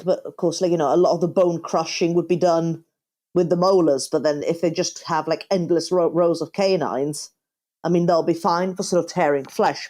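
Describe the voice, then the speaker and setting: A woman's voice: lowish voice, warm tone. A woman co-hosting a casual podcast chat, thinking aloud with hesitant, self-correcting phrasing. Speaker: podcast co-host.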